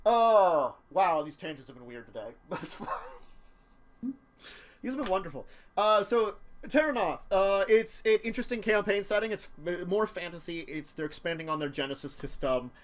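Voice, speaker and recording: A man's voice: high voice, normal speed. A man in his thirties from near Philadelphia, hosting a casual tabletop gaming chat, rambling and correcting himself with frequent laughs. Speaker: show host.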